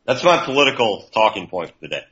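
A man chatting casually as a podcast co-host, making dry deadpan jokes. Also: fairly low pitch, quick pace. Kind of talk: casual chat. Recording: dull lo-fi recording.

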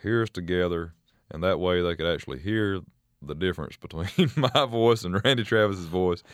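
A man as a country singer guest in a casual interview, talking in a halting, measured way with many fillers. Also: low-pitched, clear, resonant tone, dry recording, clean studio sound.

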